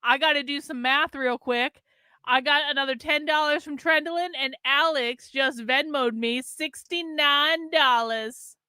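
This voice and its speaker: A woman's voice: high-pitched, unhurried, sharp tone, no echo, clean studio sound. A tipsy woman hosting a casual livestream, swearing and teasing her viewers, slipping into a mock Southern drawl. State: tipsy from drinking beer. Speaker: livestream host.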